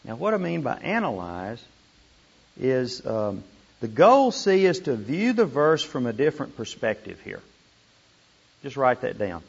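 A man teaching a group how to study scripture, animated and repeating words for emphasis. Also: medium pitch. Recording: dull lo-fi room recording.

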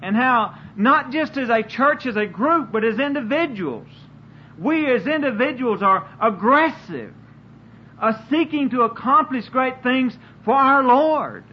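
A man's voice: extremely high pitch, lively intonation, a little slow. A man preaching a sermon in an earnest way, often stumbling and repeating words as he searches for them. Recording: dull lo-fi recording with faint hiss.

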